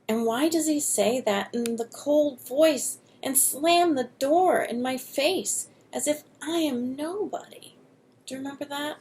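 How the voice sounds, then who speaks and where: A woman's voice: high-pitched, measured pace, darkish tone. A woman reading a children's book aloud, greeting her listeners in a friendly way and addressing them directly. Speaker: storybook reader.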